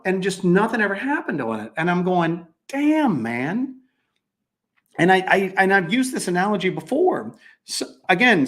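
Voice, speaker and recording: A man hosting a casual talk show, telling stories animatedly and acting out quoted lines. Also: on the high side. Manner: animated storyteller, acts out quotes, repeats himself. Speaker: podcast host. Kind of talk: casual chat.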